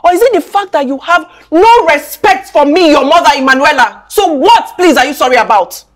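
A woman's voice: high voice, lively intonation, a little fast. An actress with a Nigerian accent playing a stern middle-aged mother who scolds her son with insistent, repeated questions. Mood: indignant. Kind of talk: film drama acting.

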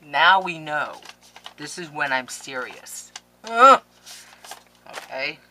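A woman vlogger opening mail on camera in a casual, gushing, excitable way, with quick laughs and whispered asides. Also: sits low, a little hiss or hum, poor audio. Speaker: scrapbooking vlogger.

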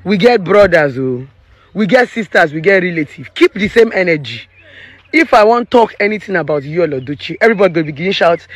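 A Nigerian woman in her thirties lectures her viewers like a relationship therapist, emphatic and preachy, with Pidgin mixed into her English. Her voice leaps up and down in pitch. The sound is dry with no room echo. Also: sing-song, a little fast. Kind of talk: opinion vlog rant.

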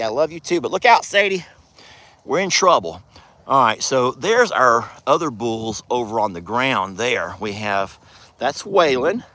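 A man's voice: medium pitch, fairly bright tone. A man talking casually outdoors on his cattle ranch while he walks among the cows, affectionate and chatty, often cooing sweetly at the animals. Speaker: ranch owner and vlogger.

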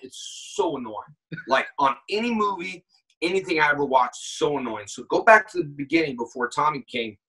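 A man talks through a call in a casual, animated way, breaking into sudden shouts and acted-out lines as he tells his stories. His voice is bright and a little husky, and it sounds set back from the microphone. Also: fairly high pitch, a little fast, far from the mic, low-quality recording. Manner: animated storyteller, acts out shouts and quoted lines. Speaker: guest actor. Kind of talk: casual chat. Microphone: phone call.

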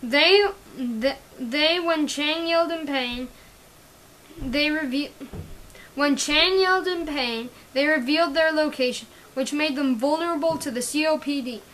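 A woman's voice: sits high, a bit bright, slight background noise, low-quality recording. A woman reading her own action story aloud, stumbling and correcting herself often. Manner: halting, often restarting and correcting words. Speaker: story reader.

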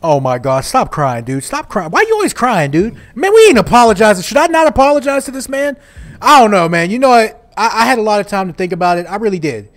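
A man with a high voice that leaps all over the place, trash-talking the game as he plays. He is loud and hyped, and he talks in a slangy, joking way. His running commentary keeps reacting to whatever happens on screen. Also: very animated, a little fast. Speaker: gaming YouTuber. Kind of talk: playing and commenting on a wrestling video game.

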